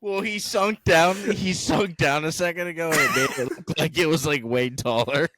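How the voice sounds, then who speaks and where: A man's voice: on the high side, normal speed, sharp tone, soft background music. A man co-hosting a casual podcast, teasing and joking with his friends. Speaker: podcast co-host.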